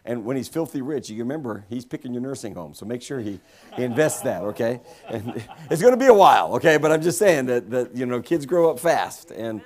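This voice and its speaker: Preaching as a guest in the sanctuary, this man has a mid-range voice with lively intonation and a slightly fast pace. He keeps things jokey, talking directly to the congregation and inviting people forward to join in.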